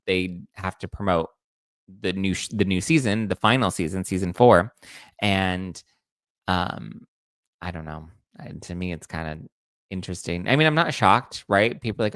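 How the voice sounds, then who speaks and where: A man's voice: lowish voice, fairly bright tone, dry recording. A man hosting a casual pop-culture gossip show, snarky and chatty, acting out quotes in mocking voices. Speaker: entertainment news host.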